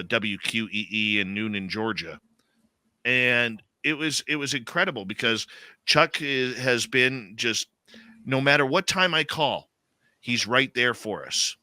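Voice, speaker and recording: A man's voice: mid-range voice, a little slow, pushed and bright, no echo. A man with a Canadian accent, hosting a live radio talk show in a rambling, conversational way, full of fillers and restarts. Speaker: radio host.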